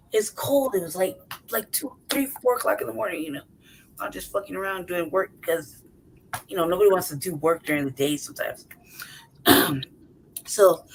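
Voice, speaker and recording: A woman's voice: mid-range voice, a little hiss or hum, low-quality recording. Profane, laughing woman telling a story. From city-raised. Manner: profane, animated, laughs often, acts out voices. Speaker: podcast co-host. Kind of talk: casual storytelling chat.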